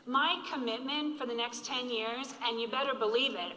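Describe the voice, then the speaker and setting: Bright-voiced woman speaking in an echoing hall. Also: fairly high pitch, a little hiss or hum. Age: 40s. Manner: earnest, slows down to stress key lines. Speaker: keynote speaker. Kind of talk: motivational conference speech. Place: large hall with an audience. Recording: echoey hall reverb.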